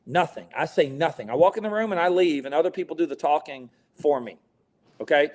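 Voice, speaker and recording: A man's voice: on the high side, expressive, brisk, darkish tone. A man talking as a podcast guest about his business, blunt and emphatic, swearing freely. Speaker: guest, window tint business owner. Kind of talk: casual podcast interview.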